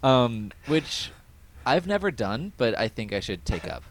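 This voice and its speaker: A man hosting a podcast, casually recapping an episode in a rambling way with many fillers and quick quoted voices. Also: mid-range voice, big pitch swings, dry recording. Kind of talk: casual chat.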